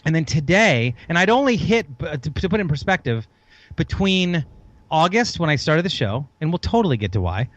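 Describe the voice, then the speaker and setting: A man's voice: fairly high pitch, big pitch swings, brisk, dry recording. A man guesting on a podcast interview, enthusiastic and long-winded, rambling through his story. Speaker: podcast guest, host of another show.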